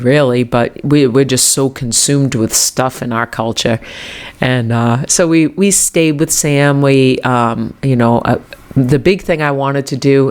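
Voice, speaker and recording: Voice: medium pitch, a little mellow. A podcast host with a New England accent, telling a story in a wandering, self-correcting way and chuckling often. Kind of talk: rambling casual storytelling.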